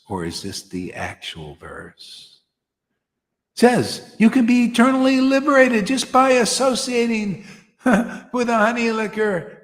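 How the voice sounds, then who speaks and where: A man giving an informal devotional sermon, rambling and slangy, often stumbling and repeating words. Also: high-pitched. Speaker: spiritual teacher. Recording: long hall reverb.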